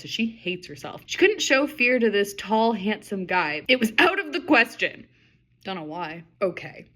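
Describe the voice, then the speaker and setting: A woman's voice: mid-range voice, pushed and bright. A woman reading her own old fantasy story aloud, breaking off for wry, sarcastic commentary.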